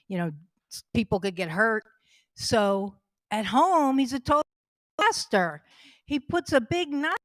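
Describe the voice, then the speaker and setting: A middle-aged woman spins funny family anecdotes in a chatty, easygoing way, often laughing as she tells them. Her voice sits at an ordinary pitch for a woman, and the recording is dry and close. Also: dry recording. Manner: chatty, laughs through her own stories. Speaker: storyteller at a fundraising stream. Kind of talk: casual comic anecdotes.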